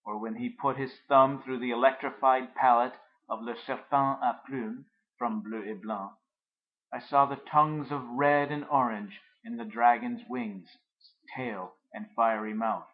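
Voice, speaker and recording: A man narrating a first-person story in a measured, reflective way. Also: mid-range voice, fairly even intonation, narrow, tinny audio.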